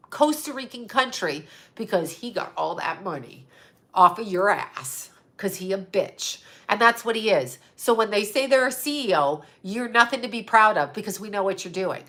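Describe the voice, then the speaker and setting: A middle-aged woman who works as a psychic medium vents to her channel's audience with a bright, forceful, medium-pitched voice. Her rant is furious, sarcastic, and full of profanity.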